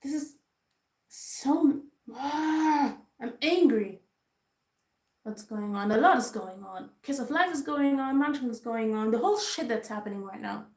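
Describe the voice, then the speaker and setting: A woman's voice: sits high, expressive, a little slow, darkish tone. A woman vlogger giving casual ranting commentary, frustrated and emphatic, repeating herself for stress. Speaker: K-pop vlogger. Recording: roomy echo.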